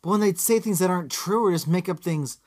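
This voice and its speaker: A man co-hosting a casual chat podcast from Chicago, talking in an animated way that jumps into quoted voices. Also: sits high, fast. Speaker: podcast co-host.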